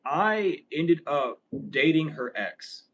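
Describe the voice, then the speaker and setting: A man's voice: fairly high pitch, very animated, slow pace, fairly bright tone, poor audio. A young man vlogging a casual story. He rambles, swears freely and laughs often as he talks.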